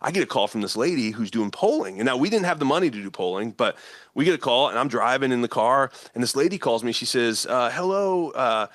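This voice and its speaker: A man's voice: medium pitch, lively intonation, fast, fairly bright tone, no echo, clean studio sound. A man with a Midwestern American accent, telling a story as a guest in an interview, acting out quoted voices and laughing often. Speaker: guest, politician and former pastor. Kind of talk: animated storytelling in conversation.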